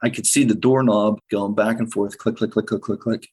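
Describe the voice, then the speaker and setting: A middle-aged man tells in the present tense how he survived a shooting, sometimes rushing ahead and sometimes slowing down heavily. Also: on the low side, steady tone, a little mellow, slightly rough, rough recording. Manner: vivid present-tense retelling, sometimes rushed, sometimes slow and heavy. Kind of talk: first-person podcast storytelling.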